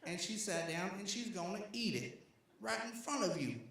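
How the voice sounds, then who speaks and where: A man acting out an excitable homeless neighbor, in a raised, high, drawn-out voice. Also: gravelly, exaggerated voice. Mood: astonished. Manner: loud, high, drawn-out exclamations. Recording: echoey hall.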